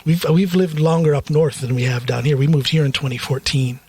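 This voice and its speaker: A man's voice: a little high, steady tone, a little fast, darkish tone, slight background noise. An American man hosting a podcast, telling stories in casual conversation and laughing often. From United States. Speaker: podcast host.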